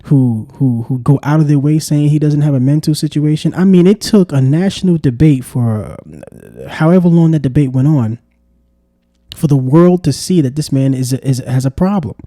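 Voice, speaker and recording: A man talks straight to the camera in a casual, exasperated commentary style. His voice is dark and mellow and sits a bit high for a man. It is recorded close and dry, with no room echo. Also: lively intonation, normal speed. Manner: exasperated, repeats "come on, man". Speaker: vlogger. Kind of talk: casual political commentary monologue.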